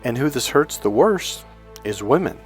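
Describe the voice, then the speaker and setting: A man's voice: medium pitch, very animated, moderate pace, faint music behind. A man giving a solo coaching monologue on relationships, talking emphatically and acting out what husbands and wives say to each other. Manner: emphatic, acts out quoted couples' lines.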